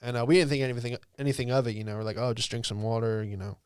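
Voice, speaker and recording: A podcast host in his late twenties from Virginia speaks in a relaxed, rambling storytelling manner, dropping casual curses and "dude" throughout. His voice is smooth and clear, at an ordinary pitch for a man, recorded close and dry with no room sound. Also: racing, no room sound. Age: late 20s. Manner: laid-back, swears freely, peppered with "dude" and "like".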